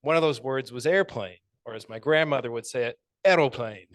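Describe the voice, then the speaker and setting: A man giving an impromptu answer at a speaking club, thoughtful and measured, with some hesitant fillers. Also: mid-range voice, no echo. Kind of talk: impromptu speech.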